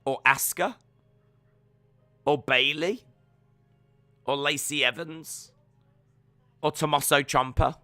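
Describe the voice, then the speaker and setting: Chatty streamer, bright tone, dry mic, reads chat and riffs on the show. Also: male voice, fairly high pitch, steady tone, slow, pauses often, no echo, soft background music. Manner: joking, rambling, reads viewer comments aloud. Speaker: watch-along streamer. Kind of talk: live reaction stream, reading chat.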